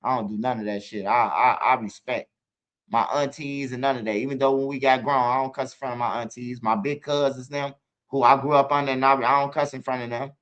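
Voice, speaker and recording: Here a medium-pitched man with a fairly bright tone talks briskly and with fairly even intonation, captured on dull audio. He hosts his own channel in a Chicago accent, spinning rambling, profane stories full of "bro" as a casual monologue, speaking directly to viewers and requesting comments.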